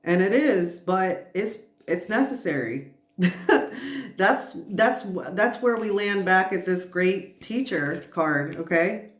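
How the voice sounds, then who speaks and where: A tired woman giving a casual, reassuring spiritual tarot reading, chatty and quick to laugh. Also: fairly low pitch, expressive. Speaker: tarot reader. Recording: roomy echo.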